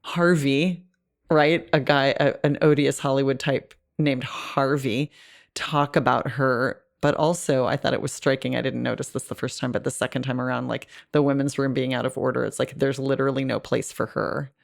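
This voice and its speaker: A woman's voice: a bass voice, steady tone, moderate pace, vocal fry. A woman guest on a podcast, talking through a film in an articulate, analytical way with frequent restarts. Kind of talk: casual film discussion.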